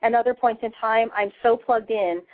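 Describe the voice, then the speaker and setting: A woman's voice: on the high side, steady tone, normal speed, no echo. A woman hosting a casual radio interview, a chatty storyteller who laughs often. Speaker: host. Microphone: phone. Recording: tinny phone line, dry.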